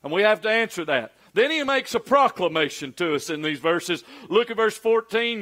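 A man's voice: high voice, big pitch swings, normal speed, few pauses, bright, forceful tone. A man, a pastor preaching a conversational sermon full of rhetorical questions.

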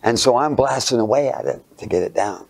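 A man giving a sermon through a childhood story, animated, sometimes dropping to a near whisper and putting rhetorical questions to his listeners. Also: mid-range voice, fairly quick, gravelly. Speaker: speaker.

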